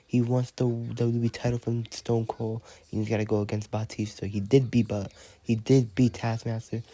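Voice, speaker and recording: A man who is sick and speaking low, giving play-by-play wrestling commentary and counting out the pins. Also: dark tone. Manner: counts pins aloud and announces winners.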